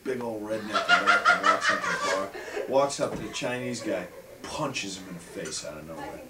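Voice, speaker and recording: A man casually telling jokes at a family holiday gathering, sliding into low, deadpan narration, caught on a distant home camera mic. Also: normal speed, very noisy. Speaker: family joke teller. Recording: roomy, distant, table chatter.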